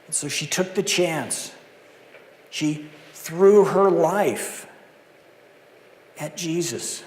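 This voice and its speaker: A pastor with a fairly high voice preaches very slowly in a church sanctuary, taking his time and animating each scene through vivid storytelling. The long church reverb surrounds his words, with slight background noise underneath.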